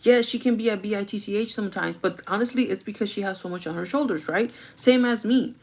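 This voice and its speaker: A woman's voice: medium pitch, fast talker. A woman chatting casually on a get-ready-with-me livestream, venting and swearing freely, slipping between English and Spanish. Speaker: vlogger.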